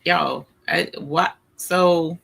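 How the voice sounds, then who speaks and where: A man's voice: on the high side, fairly even intonation, drawn-out words, creaky, fairly bright tone. A man hosting a casual livestream, greeting viewers by name and talking with playful exasperation. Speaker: livestream host. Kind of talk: casual live-stream chat with viewers.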